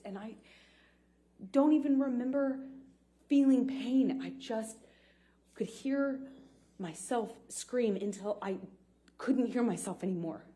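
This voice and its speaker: A woman testifying as a witness in a courtroom, speaking haltingly with many pauses and restarts. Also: on the high side, warm tone, breathy edge. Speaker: trial witness.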